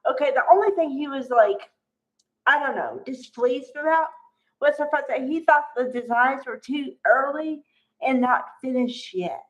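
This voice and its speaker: A woman chatting casually as she recaps a soap opera episode, animated and acting out the characters' lines. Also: sits high, a little slow, highs cut off. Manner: chatty, animated, acts out quotes.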